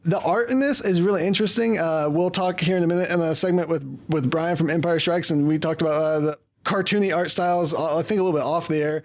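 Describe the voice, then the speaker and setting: A man's voice: fairly high pitch, fairly even intonation, quick pace, hardly any pauses. A man co-hosting a casual podcast, rambling through his thoughts and chuckling often as he chats with friends. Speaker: podcast co-host. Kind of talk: casual chat about comics.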